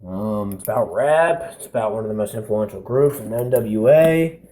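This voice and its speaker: A man's voice: on the low side, normal speed, mellow, slight background noise. A young man co-hosting a casual podcast, hesitant and full of fillers, with wisecracks. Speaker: podcast co-host. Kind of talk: casual chat.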